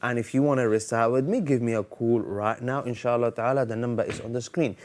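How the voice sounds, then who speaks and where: Man, live TV lesson host, playful, quizzes the viewers, mixes in Arabic phrases, mid-pitched voice. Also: fairly even intonation, a little fast, a little mellow. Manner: playful, teasing, asks the viewers questions; sprinkles Arabic phrases into English. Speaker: TV Quran teacher and host. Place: TV studio.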